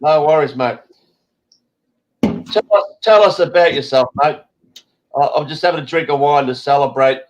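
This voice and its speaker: A man's voice: on the high side, moderate pace, pauses often, muffled recording. An Australian man hosting an online talk show, ranting bluntly and swearing heavily. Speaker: show host.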